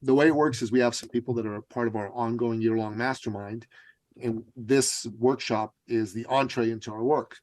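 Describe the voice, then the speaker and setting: A man telling a story as a guest in a podcast interview, in an animated, dramatic way. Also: mid-range voice, brisk, no room sound, rough recording. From Canada. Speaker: guest, business coach.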